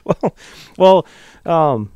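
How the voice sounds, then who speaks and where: A man's voice: a little high, expressive, drawn-out words, darkish tone, smooth, no echo, muffled recording. A man co-hosting a podcast in casual chat, rambling and self-deprecating, laughing often. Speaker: podcast co-host.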